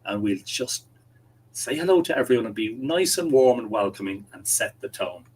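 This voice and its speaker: A man's voice: medium pitch, lively intonation, moderate pace, darkish tone, husky, low-quality recording. An Irish man hosting a casual livestream from home, reading out viewer comments and chatting back to them. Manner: chatty, reads comments aloud and replies. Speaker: livestream host. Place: home room with window open. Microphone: desk microphone, adjusted during stream.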